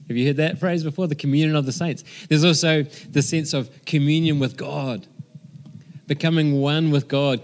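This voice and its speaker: A man giving a sermon as pastor, conversational and enthusiastic, often restarting his phrases. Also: on the high side.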